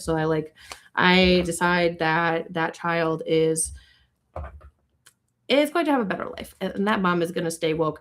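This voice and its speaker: A young woman chatting casually as a tarot reader on a livestream, candid and quick to swear. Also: fairly low pitch, fairly bright tone.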